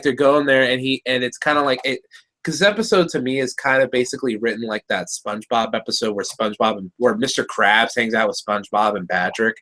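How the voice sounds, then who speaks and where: A man co-hosting a cartoon review show, talking in an animated, rambling way with many restarts. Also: medium pitch. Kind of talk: casual review chat.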